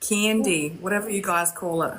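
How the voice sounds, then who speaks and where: A woman's voice: medium pitch, normal speed, fairly bright tone, slight background noise, poor audio. A woman, chatting casually on a live stream with dry humor. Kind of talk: casual chat.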